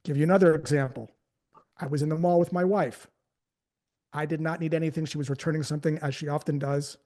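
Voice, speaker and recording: A man's voice: a little high, steady tone, quick pace, dark tone. A man giving a live sales training talk, casually telling stories and acting out the conversations in them.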